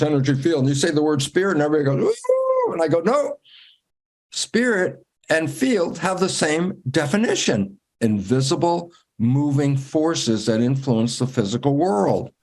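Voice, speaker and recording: Being interviewed as a guest, a man tells stories conversationally at a moderate pace. He's lively, acting out his own inner dialogue with big swings in pitch.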